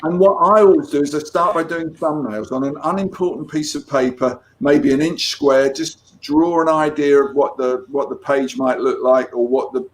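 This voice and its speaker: A man's voice: on the high side, fairly even intonation, normal speed, hardly any pauses, slight background noise. A man, a comics artist chatting casually as an interview guest, with many restarts. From England. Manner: chatty storyteller with frequent restarts.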